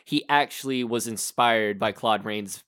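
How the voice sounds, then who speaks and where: A man co-hosting a casual film podcast, animated and opinionated. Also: on the low side, a little slow, clear, resonant tone. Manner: animated, opinionated, puts on mock movie voices. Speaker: podcast co-host.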